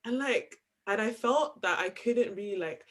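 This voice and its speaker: A woman's voice: mid-range voice, normal speed, fairly bright tone. A young woman on a panel, speaking reflectively and casually, using "like" constantly. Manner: reflective, heavy use of "like".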